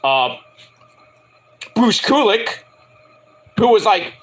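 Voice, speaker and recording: A man's voice: high voice, very animated, drawn-out words, fairly bright tone. A man reviewing a wrestling show for his viewers, rambling and profane, with jokey asides. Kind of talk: casual rant to viewers.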